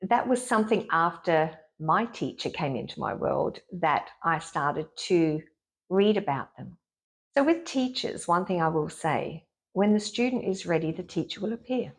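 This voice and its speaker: A middle-aged woman, a therapist, frankly and lively telling a personal story as a guest in an interview. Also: lowish voice, normal speed, slightly rough. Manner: frank and lively, acts out her own inner voice.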